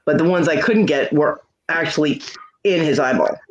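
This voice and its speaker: A man's voice: on the high side, moderate pace. A man hosting a casual livestream chat, telling stories candidly and swearing freely. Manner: candid, swears freely, acts out quoted lines. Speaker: livestream host. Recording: dull lo-fi stream audio.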